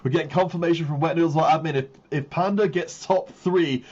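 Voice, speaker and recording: Husky-voiced man calling an esports match. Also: fairly high pitch, fairly quick, highs cut off. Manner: excitable, builds hype on big moments. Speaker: tournament caster. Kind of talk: live esports play-by-play commentary.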